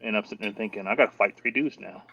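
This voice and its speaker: A male guest on a casual chat stream telling animated stories and acting out the voices of other people. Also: lowish voice, rapid-fire, gravelly. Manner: animated, acts out quoted voices. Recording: dull lo-fi with faint hiss.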